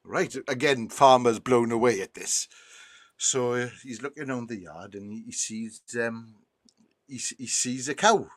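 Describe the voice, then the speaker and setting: A man's voice: moderate pace, no echo, studio quality. A man, co-hosting a podcast and telling a long rambling joke. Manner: rambling storyteller, restarts, drops low for asides. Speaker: podcast co-host.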